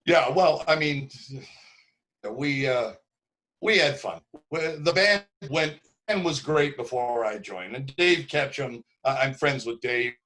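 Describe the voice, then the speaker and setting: A man in his sixties from Canada, a drummer guest telling stories in a relaxed interview, slipping into voices for the people he quotes. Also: medium pitch, slow, poor audio. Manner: lively storyteller who acts out quoted voices. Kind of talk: casual interview storytelling.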